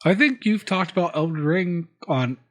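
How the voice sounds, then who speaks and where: A man's voice: high voice, lively intonation, normal speed. A man co-hosting a casual gaming podcast, easygoing and teasing, often restarting his sentences. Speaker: podcast co-host.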